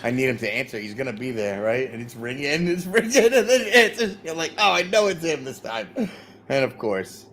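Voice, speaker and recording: A man's voice: mid-range voice, expressive, a little fast, fairly bright tone. Swearing man with faint background noise. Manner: swearing, acting out quotes. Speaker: discussion participant. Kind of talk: casual chat.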